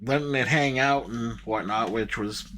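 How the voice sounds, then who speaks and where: A man's voice: medium pitch, moderate pace, sharp tone, a little hiss or hum. A man co-hosting a podcast, casually recapping a film plot in a loose, rambling way with plenty of fillers. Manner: easygoing, rambling, many fillers. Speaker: podcast co-host.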